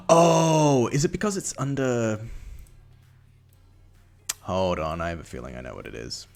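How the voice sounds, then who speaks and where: Gravelly Scottish man muttering at his screen. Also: fairly low pitch, animated, unhurried, soft background music. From Scotland. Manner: mutters to himself, swings into loud exasperated outbursts. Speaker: livestreamer rigging in 3D software. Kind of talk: casual live-stream chat while working.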